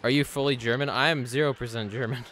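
A man streaming a game live, rambling excitedly to chat, swearing often and making fun of himself. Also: medium pitch, quick pace, soft background music. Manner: sudden yelps at the game. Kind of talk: casual live-stream chatter.

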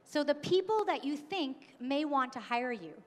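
A woman's voice: high-pitched, expressive, moderate pace. A woman from New York giving a conference keynote talk, engaging and often putting questions to the audience. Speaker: keynote speaker. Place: conference hall. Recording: long hall reverb.

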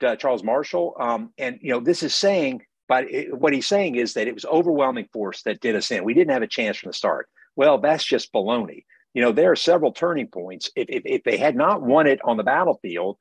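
A man's voice: medium pitch, husky, dry recording. An author with a faded Southern accent, talking in an emphatic book festival interview over a video call and often restarting his words.

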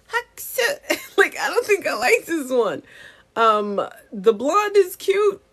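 A woman's voice: sits high, big pitch swings, slow, a bit bright. A woman content creator chatting casually to camera, giggly and self-mocking. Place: home setup with ring light.

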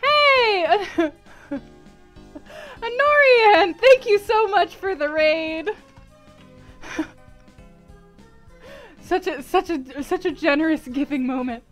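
A woman's voice: high-pitched, takes it slowly, pauses often, faint music behind. A woman livestreaming, giggling and gushing as she thanks viewers and reads out long lists of names.

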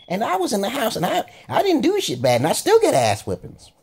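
A man delivers a rambling, profanity-heavy monologue with a husky, mellow voice. His pitch leaps wildly from low grumbles to high exclamations. He keeps slipping in laughing asides as he talks. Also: huge pitch swings, fast talker, hardly any pauses. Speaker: vlogger.

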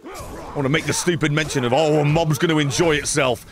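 A man streaming a game, giving excitable live commentary, swearing, laughing and yelling at the screen. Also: on the high side, fairly quick, soft background music. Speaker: gaming streamer.

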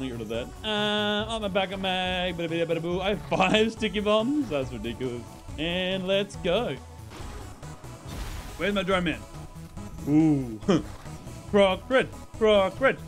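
A young man streaming a video game, chatting casually and excitably, swearing and laughing as he plays. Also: high voice. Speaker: gaming streamer. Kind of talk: live gameplay commentary.

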